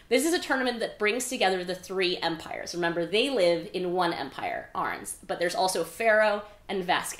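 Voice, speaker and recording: A woman with a mid-range, fairly bright voice hosts a podcast, recapping a book in a chatty, casual way. She says "like" a lot and swears now and then, and the room is echoey.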